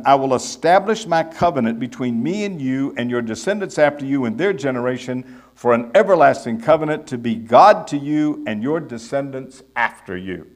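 A man preaching an expository Bible sermon, reading verses aloud with rising emphasis and pausing on fillers between phrases. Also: mid-range voice. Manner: emphatic, reads scripture aloud with rising force. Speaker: Bible teacher.

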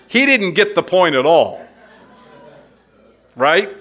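A male preacher with a fairly high, bright, forceful voice delivers an expository sermon. He talks slowly and emphatically, asking the congregation rhetorical questions. Now and then he drops into quieter, lower asides while explaining. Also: big pitch swings. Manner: slow, emphatic, conversational teaching with rhetorical questions.

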